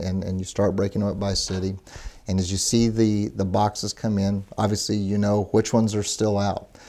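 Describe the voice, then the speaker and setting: A man with a deep, mellow voice explains vote tracking in a matter-of-fact way. His pitch stays flat. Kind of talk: documentary interview.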